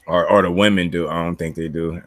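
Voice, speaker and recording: A man's voice: low voice, fairly even intonation, fairly quick, fairly bright tone, dry recording. A man from New Jersey with a New Jersey accent, hosting a casual boxing live stream, laid-back and slangy, chuckling as he reads viewer comments. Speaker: boxing livestream host.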